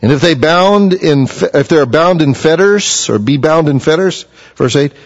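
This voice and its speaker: A man's voice: lively intonation, normal speed. Male preacher, earnest sermon delivery, muffled sound with a long hall echo. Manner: earnest, rises in pitch to voice quoted figures.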